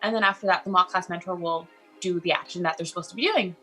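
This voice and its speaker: A woman's voice: fairly low pitch, fast talker, sharp tone, breathy edge, soft background music. A woman mentor explaining an online teaching mock class in an upbeat, encouraging way. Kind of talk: instructional video chat.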